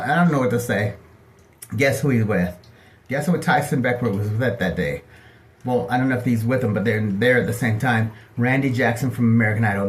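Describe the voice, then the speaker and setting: A middle-aged man telling personal stories in a casual, gossipy monologue, lively and animated as he acts out what people said. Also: mid-range voice. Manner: chatty, gossipy, animated, acting out other people's lines. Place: home bathtub.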